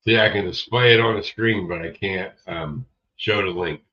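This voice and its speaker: A man's voice: deep voice, normal speed, pushed and bright. A man hosting a casual livestream, rambling and answering viewers by name. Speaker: livestream host. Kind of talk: casual livestream chat reading viewer comments. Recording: dull lo-fi stream audio, distant from mic.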